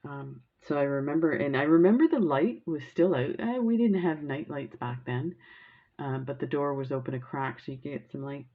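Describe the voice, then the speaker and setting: A woman's voice: low-pitched, normal speed, narrow, tinny audio. A woman chatting casually while showing off craft supplies, rambling into a childhood story and gushing over sparkle. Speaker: crafting vlogger.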